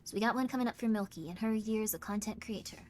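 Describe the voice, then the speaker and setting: A tired woman streamer chatting casually while doing tarot readings, talking in quick self-interrupting bursts and apologizing often. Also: mid-range voice, a little hiss or hum. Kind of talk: casual live-stream chat.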